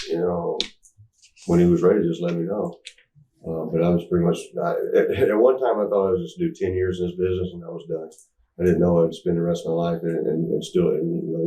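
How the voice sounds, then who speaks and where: A former wrestler as an interview guest, telling candid stories in a rambling, halting way full of fillers and restarts. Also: male voice, low-pitched, dark tone. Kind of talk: candid anecdotal storytelling. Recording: roomy sound, mic at a distance.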